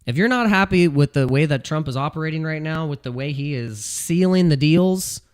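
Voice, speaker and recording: Animated man ranting about money. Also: on the high side, normal speed, clear, resonant tone. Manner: animated, ranting, repeats phrases, laughs at own jokes. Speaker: crypto YouTuber. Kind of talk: casual talking-head commentary.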